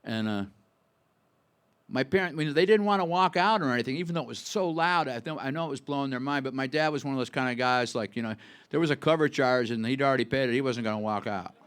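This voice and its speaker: A man's voice: mid-range voice, quick pace, a bit bright, clear, resonant tone. Rambling man in his 60s telling a story. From Buffalo, New York. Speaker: singer-songwriter. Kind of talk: onstage storytelling between songs. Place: live music club stage.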